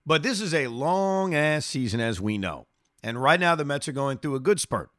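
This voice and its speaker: A man's voice: a little high, animated, moderate pace, fairly bright tone, no room sound, studio quality. A man hosting sports talk radio, reading listener email and answering in an emphatic way that repeats phrases for effect.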